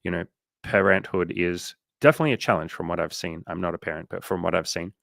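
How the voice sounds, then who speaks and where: A man's voice: sits low, steady tone, fast talker, vocal fry, fairly bright tone, no room sound, studio quality. A young Australian man coaching casually on a livestream, swearing freely and acting out inner voices as he talks.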